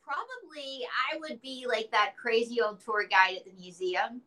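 A woman's voice: on the high side, animated, moderate pace, pushed and bright, poor audio. A woman being interviewed, chatting casually and telling stories with playful acted quotes. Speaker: interview guest, entertainer and author.

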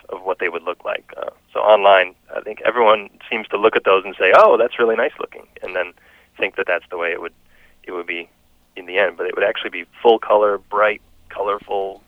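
Male guest, author type, easygoing and chuckly; low voice, dead-dry lo-fi sound. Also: fairly quick, no room sound. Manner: relaxed, chuckling, thoughtful. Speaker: guest, children's book author and illustrator. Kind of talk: casual interview chat.

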